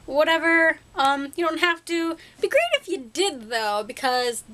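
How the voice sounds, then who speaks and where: A young woman rambles to her camera in a high voice, chatty and goofy, tossing in made-up words and laughing at herself. Her tone is bright and sharp, and she talks like she is catching up with friends. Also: a little slow, few pauses. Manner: chatty, silly, self-deprecating, playful made-up words. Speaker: vlogger. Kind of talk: casual rambling to-camera vlog.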